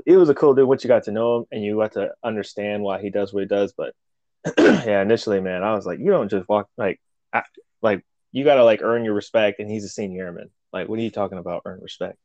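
A man telling loud, profane stories from his military years in a casual chat, laughing often. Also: fairly low pitch, no echo, muffled recording.

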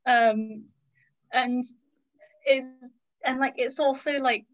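A woman's voice: high voice, fairly even intonation, takes it slowly. A woman as a podcast guest, chatting casually and bluntly, full of "like" and "um". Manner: blunt and opinionated, lots of "like" and "um". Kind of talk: casual chat. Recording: dull lo-fi podcast audio.

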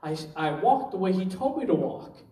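Male minister, high voice, lively story-teller doing the voices, echoey room, distant mic. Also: normal speed. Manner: animated, acts out quoted voices. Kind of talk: storytelling testimony.

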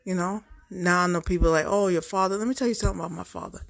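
A woman's voice: on the low side, racing, gravelly, fairly bright tone. A middle-aged woman talking straight to her viewers in a casual monologue, emphatic and repeating herself for effect. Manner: emphatic, repetitive, addresses audience directly. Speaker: vlogger.

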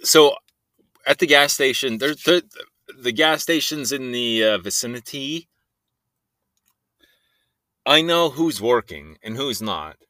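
A young man rambles through a personal story in an animated, swooping voice with a bright, forward tone. He talks at an unhurried pace, swears casually and laughs along the way, and the recording sounds dry and close. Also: medium pitch, no echo. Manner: rambling, profane, often laughing. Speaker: voice-message storyteller.

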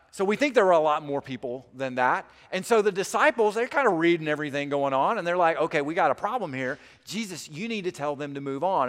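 A man preaches in a relaxed, conversational way, dropping folksy asides into his sermon. His voice sits a little high for a man. A long reverb trails after his words, as in a church sanctuary. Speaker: pastor.

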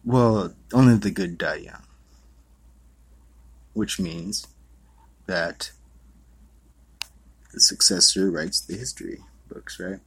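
Husky, rambling male podcaster. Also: low voice, takes it slowly, pauses often, fairly bright tone, no room sound. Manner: loose, profane, meandering with many fillers. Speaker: podcast host. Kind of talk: rambling monologue.

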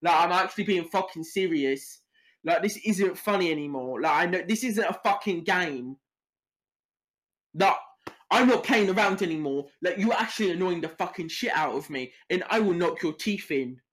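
A man's voice: sits high, animated, normal speed, a bit bright. A teenage boy voicing a furious, foul-mouthed teen, spitting clipped threats. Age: teens. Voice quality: aggressive, swearing, clipped threats.

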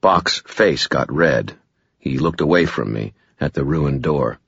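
A man's voice: extremely low pitch, animated, a little slow, gravelly, a bit bright, husky, no echo, highs cut off. A man narrating a novel in first person, with a dry, wry delivery. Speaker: audiobook narrator.

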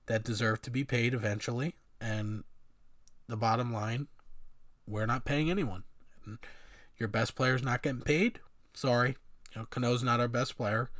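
A man's voice: medium pitch, no room sound, clean studio sound. A man giving a casual, rambling sports opinion monologue with many fillers and sardonic asides. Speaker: sports commentator.

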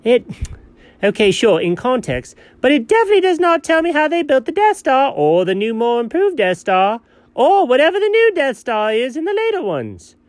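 A man playing a scatterbrained, excitable male buddy in comedy banter, jumping between low mumbles and sudden high yelps. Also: moderate pace, no echo. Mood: goofy. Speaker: co-host.

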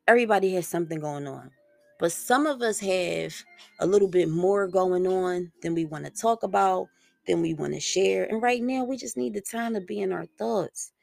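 Gravelly, low-voiced woman podcaster rambling. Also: darkish tone, no echo. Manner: slangy, rambling and candid, swears freely. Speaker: podcast host. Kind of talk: casual solo podcast monologue.

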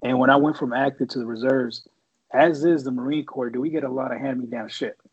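A man's voice: medium pitch, fairly even intonation, brisk, breathy edge, muffled recording. A middle-aged man from the Bay Area, a former Marine reservist, telling a rambling war story full of swearing and filler words. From San Francisco Bay Area. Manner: profane, rambling, lots of fillers. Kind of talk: casual chat, storytelling.

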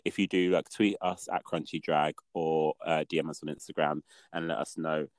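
Deep-voiced chatty man co-hosting a podcast. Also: no echo. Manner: animated, chatty, quick laughter. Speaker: podcast co-host. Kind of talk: casual chat.

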